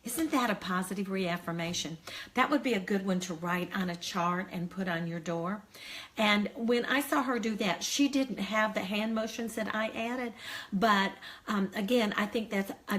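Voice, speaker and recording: Friendly teacher woman sharing classroom tips. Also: medium pitch. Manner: demonstrates chants in a bright, slow singsong; friendly, encouraging explanation. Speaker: early childhood educator. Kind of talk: teacher training demonstration.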